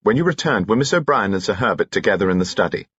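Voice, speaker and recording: A man voicing a calm, methodical male police inspector in an audiobook, quiet and matter-of-fact. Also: on the low side, quick pace, breathy edge, dry recording, highs cut off, voice pushed up.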